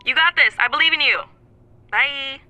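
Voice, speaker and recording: An actress playing a teasing, upbeat young woman friend who talks in an animated, encouraging way in an audio drama. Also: a little high, normal speed, soft background music, heavily acted, low-quality recording. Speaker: supportive friend.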